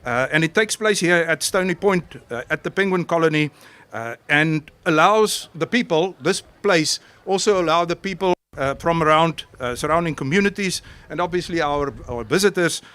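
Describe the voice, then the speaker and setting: A man gives a formal welcome speech outdoors at a coastal penguin colony. His voice sits a little high, and he speaks haltingly into a handheld microphone, pausing and restarting often. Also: fairly bright tone, clear, resonant tone. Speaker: conservation official opening an event. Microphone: handheld microphone into a public address.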